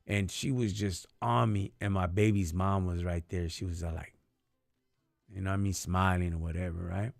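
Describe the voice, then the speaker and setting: A man's voice: low voice, steady tone, moderate pace, gravelly, dry recording, studio quality. A man hosting a live stream, telling stories in a slangy, casual and earnest way. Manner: slangy and street-casual, often says "dog" and "homie"; earnest, faith-focused. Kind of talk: casual storytelling chat.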